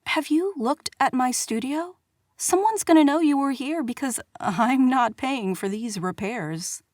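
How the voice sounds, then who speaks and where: A woman's voice: mid-range voice, unhurried, no room sound, close to an everyday voice. A woman voicing a fiery young dance studio owner who speaks indignantly and accusingly, in an audiobook reading.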